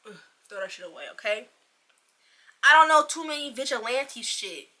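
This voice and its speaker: A woman giving a casual, profane, rambling book review in an animated ranting manner. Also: sits high, moderate pace.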